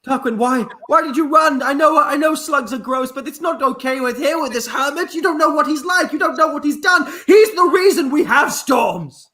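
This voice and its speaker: A man voicing a frantic, careless mother who shouts for her toddler son in an improvised comedy scene. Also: extremely high pitch, normal speed, hardly any pauses. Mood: defensive.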